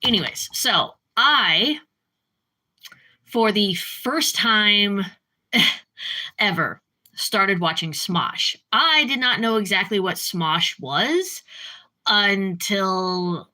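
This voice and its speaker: A woman streamer chatting casually with her live chat, rambling and jumping up in pitch when she gets worked up. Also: lively intonation, extremely slow, pauses often, pushed and bright. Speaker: livestreamer.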